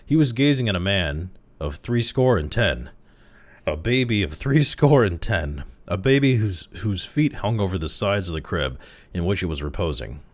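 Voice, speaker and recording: A man casually reading a classic short story aloud, with expressive, dramatic delivery. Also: low voice, normal speed. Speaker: narrator, audiobook reader.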